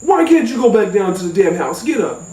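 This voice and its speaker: A man voicing his exasperated cousin, scolding loudly and cursing. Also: sits high, very animated, a little fast, recorded from a distance. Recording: roomy echo, off-mic.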